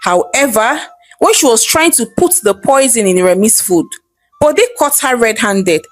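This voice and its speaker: A woman with a Nigerian accent narrating a folktale in a lively, chatty way. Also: fairly high pitch, measured pace, no room sound, faint music behind. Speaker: storyteller. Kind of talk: storytelling narration.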